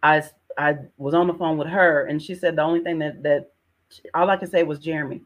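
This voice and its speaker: A woman's voice: low-pitched, fairly even intonation, brisk, lo-fi sound. Woman, middle-aged, podcast guest, personal testimony, earnest, repeats words, calls listener "sis".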